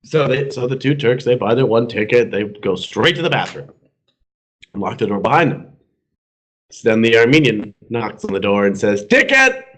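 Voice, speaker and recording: A man's voice: fairly low pitch, normal speed, slight background noise. A young man co-hosting a podcast, telling jokes in casual chat and laughing along as he goes. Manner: animated storyteller who laughs at his own jokes. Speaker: podcast co-host.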